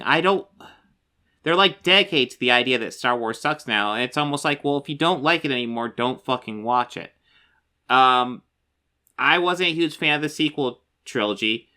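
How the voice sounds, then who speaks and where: A young man talks through a reaction video with a bright, forceful voice. He sounds exasperated and sarcastic, and he swears casually as he rebuts the clip. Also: mid-range voice. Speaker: commentary host. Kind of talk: reaction commentary.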